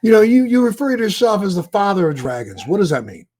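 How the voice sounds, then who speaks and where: A man hosting an interview show, chatting freely and putting direct questions to his guest. His voice is high for a man and swings widely in pitch as he talks. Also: very animated, fast, darkish tone. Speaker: host. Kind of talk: conversational interview.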